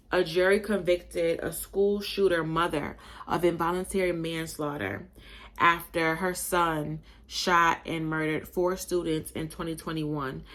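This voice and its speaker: Woman hosting a casual chat, lowish voice. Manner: conversational, reacts with soft exclamations. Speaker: host. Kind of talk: casual commentary on news.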